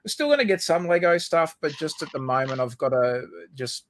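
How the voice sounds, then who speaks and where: A man's voice: a little high, lively intonation, moderate pace, a little hiss or hum. An Australian man co-hosting a livestream, rambling and giggling, with lots of ums and restarts. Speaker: livestream co-host. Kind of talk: casual chat.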